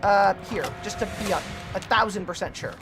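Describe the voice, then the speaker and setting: A woman streams a video game and chats with her viewers as she plays. She talks casually and swears freely. Loud game music plays under her voice. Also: medium pitch, a little fast. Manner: chatty, swears freely, talks to chat while playing.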